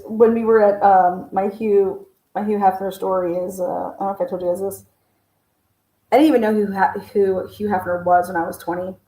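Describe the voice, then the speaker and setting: A woman's voice: mid-range voice, dark tone. Young woman streamer rambling thru a story, lots of swearing, kinda echoey room. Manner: profane, chatty, laughing storyteller. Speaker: livestream host. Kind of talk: casual storytelling chat.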